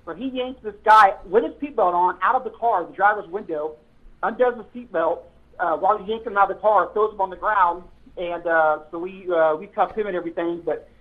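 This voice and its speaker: A high-voiced man tells old police stories in loose, rambling chat, laughing and catching his own mix-ups along the way. His voice comes through a thin, phone-like line. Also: fairly quick. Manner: rambling, self-correcting, laughs while telling stories. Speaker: podcast host, former police officer. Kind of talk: casual storytelling chat.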